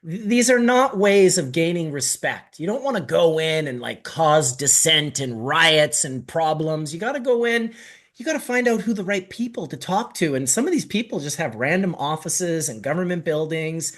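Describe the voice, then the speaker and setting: A middle-aged man from Canada, telling a long story in casual podcast chat, animated and full of swearing. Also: a little high, moderate pace. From Canada (Manitoba). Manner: animated, profane, rambling storyteller.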